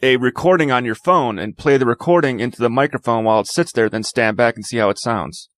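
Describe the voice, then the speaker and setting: A man co-hosting a casual podcast, dropping deadpan quips and odd little noises. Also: medium pitch, fast talker, dry recording, clean studio sound. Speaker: podcast co-host.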